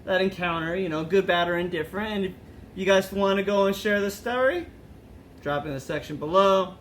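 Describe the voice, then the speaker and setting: A man's voice: sits high, fairly quick, a bit bright, slight background noise. A man co-hosting a podcast in casual chat, wrapping up the episode with upbeat sign-off patter. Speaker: podcast co-host.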